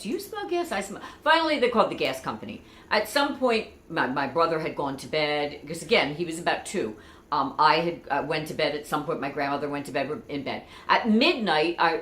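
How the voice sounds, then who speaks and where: A woman's voice: sits low, a bit bright. Chatty woman telling family stories. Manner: chatty, meandering, lots of asides. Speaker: vlogger. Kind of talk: personal storytelling. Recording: echoey room.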